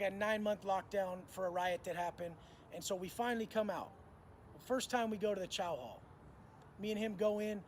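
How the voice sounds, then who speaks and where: A man's voice: high voice, a little mellow, a little hiss or hum. A man telling prison stories in casual, profane street slang, acting out what people said. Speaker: storyteller recounting prison life. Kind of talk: casual storytelling monologue.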